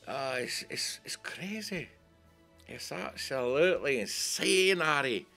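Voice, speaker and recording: A man talks casually to his co-host, his pitch swinging up and down as he rants. He swears loosely and keeps it conversational. Faint music plays behind him. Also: measured pace, gravelly. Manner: animated, ranting, swears casually.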